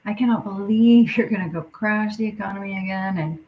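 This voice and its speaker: A woman's voice: mid-range voice, brisk, muffled recording, a little hiss or hum. A woman livestreaming an angry, profane rant that keeps dropping into muttered whispers. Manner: swears constantly, drops into muttered whispers.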